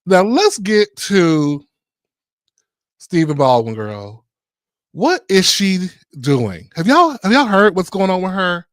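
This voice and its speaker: A man's voice: high-pitched, big pitch swings, unhurried, dry recording, clean studio sound. A man hosting a podcast in casual chat, sassy, flamboyant and playful. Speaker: podcast host.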